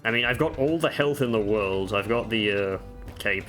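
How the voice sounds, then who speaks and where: A man's voice: fairly low pitch, normal speed, fairly bright tone, faint music behind. A man giving casual gameplay commentary at home, chatting through game tips with offhand self-mocking jokes. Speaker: gaming video creator. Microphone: desk microphone.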